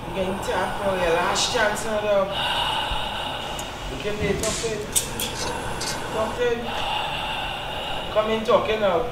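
An actor with a Trinidadian accent playing a gangster who threatens a captive for answers. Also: male voice, sits high, steady tone, measured pace, long pauses, reverberant, recorded from a distance, heavy background noise. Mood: menacing. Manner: threatening, pressing. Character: menacing gangster interrogating a captive.

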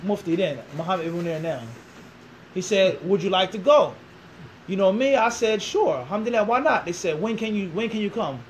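A man telling a long story as an interview guest, animated, acting out quoted dialogue and throwing in rhetorical questions. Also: high voice, brisk, a little hiss or hum, rough recording.

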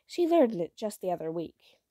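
A woman reading the first chapter of a children's novel aloud in a gentle, even storytelling voice. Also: medium pitch, normal speed, no echo, clean studio sound. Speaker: reader.

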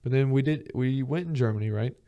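A young man from Georgia hosts a casual podcast and rambles through travel stories. He swears freely and acts out the people he quotes. His voice sits at a middling pitch with a mellow, relaxed tone. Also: brisk, lo-fi sound. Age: young adult. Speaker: podcast host. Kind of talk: casual storytelling monologue.

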